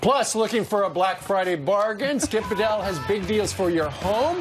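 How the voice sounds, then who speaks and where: A man co-hosting morning TV, introducing segments with lively banter. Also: high-pitched, normal speed, few pauses, over music. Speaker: morning show co-host.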